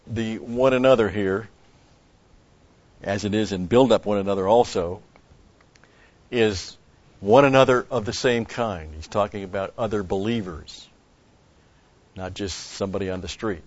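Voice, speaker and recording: A pastor teaching an expository Bible sermon, speaking deliberately and stopping to explain Greek word meanings. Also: male voice, lowish voice, no room sound, lo-fi sound.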